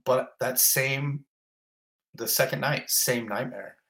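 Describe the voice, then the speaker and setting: Speaking slowly in a mid-range voice that sounds pushed and bright, a middle-aged fire captain recounts his own story during a podcast interview. He keeps it intense and vivid with short, repeated clauses.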